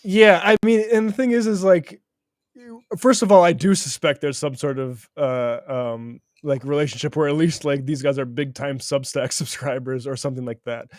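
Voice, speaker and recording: A man's voice: a little high, steady tone, moderate pace, no echo, studio quality. A man co-hosting a political podcast, talking bluntly and emphatically, swearing and laughing mid-sentence. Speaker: podcast co-host. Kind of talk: casual political chat.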